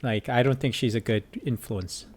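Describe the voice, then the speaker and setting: Chatty gaming YouTuber, casual commentary. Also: male voice, medium pitch, moderate pace, a little mellow, slight background noise. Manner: casual, chatty, reads game text aloud. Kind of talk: casual let's play commentary.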